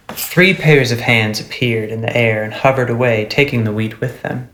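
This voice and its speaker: A man narrating a fairy tale storybook in a steady, measured way. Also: mid-range voice, reverberant, a little hiss or hum, poor audio. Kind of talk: storybook reading.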